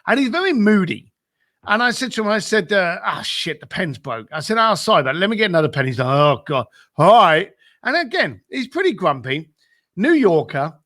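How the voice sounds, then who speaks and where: Appearing as a podcast guest, a high-voiced man briskly recounts a story in a sing-song, bright, forceful tone. He plays both parties in a phone call, leaning heavily on fillers and a repeated "I said."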